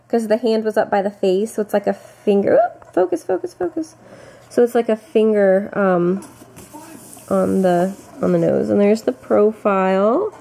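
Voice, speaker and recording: A woman's voice: mid-range voice, mellow. A tired young woman giving a casual pregnancy update to her camera, chatty and rambling with many fillers and restarts. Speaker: vlogger.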